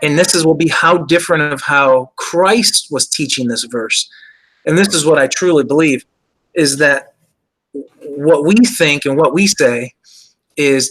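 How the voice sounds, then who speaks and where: Earnest man explaining faith, slightly high. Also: unhurried, a bit bright, rough recording. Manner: earnest, explanatory, many "you know" fillers. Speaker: show host. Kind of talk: casual faith discussion.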